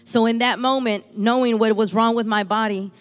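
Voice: medium pitch, steady tone, normal speed, clean tone, long reverb tail, faint music behind. A church speaker from Houston giving a fervent preaching testimony, repeating phrases for emphasis. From Houston, Texas.

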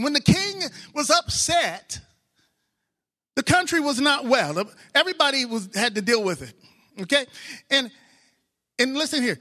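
A married man preaching a sermon, excitable, swinging from soft asides to loud exclamations. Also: very high-pitched, measured pace, long pauses. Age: adult, married with children.

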